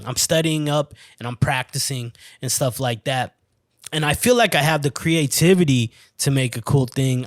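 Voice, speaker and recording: A man talking loosely on a solo podcast, slightly tipsy from wine and swearing as he rambles. His voice sits at an ordinary middle pitch, and the recording is close and dry with no room sound. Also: no room sound. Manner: rambling, profane, laid-back. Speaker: podcast host. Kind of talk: casual solo podcast rant.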